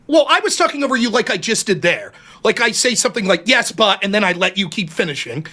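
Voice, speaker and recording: A man's voice: high-pitched, sing-song, fast, bright, forceful tone. A man arguing in a heated online debate from his home streaming setup, defensive and profane, stumbling and restarting as he pushes his case. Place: home streaming setup under bright lights.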